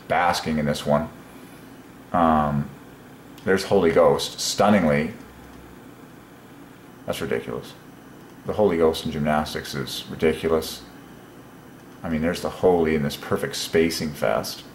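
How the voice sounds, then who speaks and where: A man with a slightly low voice talks through puzzles by himself, marveling aloud and chuckling as he goes. The room around him is roomy and echoey, with a faint hum of ambience underneath. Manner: enthusiastic, marvels aloud, chuckles between points. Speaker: solo presenter of word-number puzzles. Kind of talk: excited thinking-aloud monologue.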